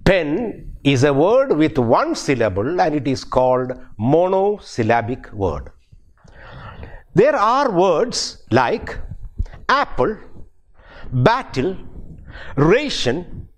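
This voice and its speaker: An older man from India, an English professor giving a recorded university lecture, speaking deliberately and spelling words out letter by letter. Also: mid-range voice.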